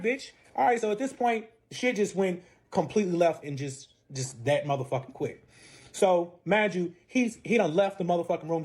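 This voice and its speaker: A man telling a story in a casual, animated way, with lots of swearing and acted quotes. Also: fairly high pitch. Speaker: storyteller guest.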